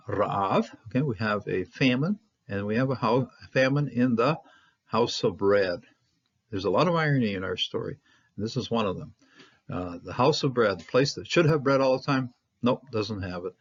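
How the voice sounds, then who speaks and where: A man teaching a Hebrew text in an informal lesson, halting with many fillers and restarts, often checking in with "okay?". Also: lowish voice, breathy edge, lo-fi sound.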